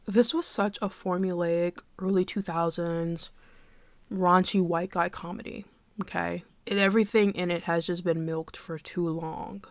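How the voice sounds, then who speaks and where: A woman's voice: on the low side, fairly even intonation, measured pace, no echo. Joking woman reviewing movies, dry sound. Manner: candid, jokey, sarcastic, profane asides. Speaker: film reviewer. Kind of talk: casual movie review vlog.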